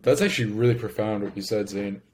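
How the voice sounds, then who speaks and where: Joking young man, low voice. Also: a little hiss or hum. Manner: joking, fast-talking bursts. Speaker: podcast co-host. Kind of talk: casual chat.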